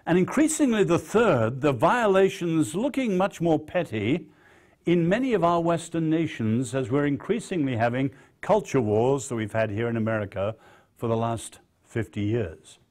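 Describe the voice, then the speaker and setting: A man with an English accent giving a public lecture, measured and dryly witty, leaning on key phrases. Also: fairly high pitch, animated, a little mellow. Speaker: guest lecturer.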